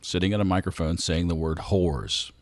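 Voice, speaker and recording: Deep-voiced Southern man hosting a podcast. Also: moderate pace, no echo. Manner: relaxed, conversational, with fillers. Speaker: podcast host. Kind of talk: scripted podcast intro and ad reads.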